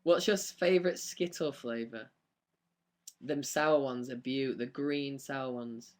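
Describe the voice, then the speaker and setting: A young man fields fan questions during a casual live stream, speaking in a mid-range voice at a slightly slow pace. He rambles chattily, laughs often, and leans on lots of ums.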